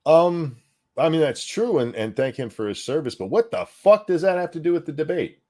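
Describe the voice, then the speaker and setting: A man's voice: fairly high pitch, big pitch swings, normal speed, darkish tone. A man co-hosting a casual reaction show, talking bluntly and with plenty of profanity. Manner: blunt, profane ranting with put-on voices. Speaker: co-host reacting to a debate.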